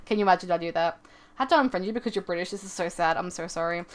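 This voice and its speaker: A woman's voice: lowish voice, racing. A young woman streaming, chatting casually in a playful, rambling, giggly way. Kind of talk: casual live-stream chat.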